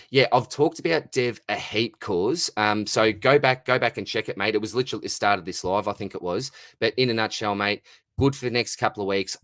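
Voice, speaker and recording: An Australian man hosts a casual live Q&A stream about fantasy football, laid-back and chatty, reading viewer questions and calling everyone mate. His voice is lowish and a bit bright, recorded at studio quality with no echo.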